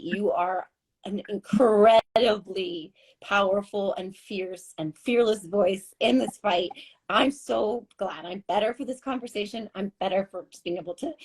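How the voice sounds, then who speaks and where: A woman's voice: mid-range voice, husky, rough recording. A woman co-hosting a podcast, speaking in an effusive, emotional way with frequent restarts. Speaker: podcast co-host. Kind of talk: casual chat.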